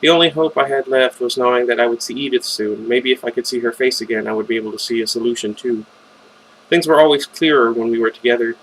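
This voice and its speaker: A man's voice: medium pitch, steady tone, fast talker, a bit bright, slight background noise, low-quality recording. Amateur male reader narrating a fan novel in first person; informal, with stumbles and off-script asides. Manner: stumbles and makes chatty side comments. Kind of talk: reading a fan novel aloud with casual asides.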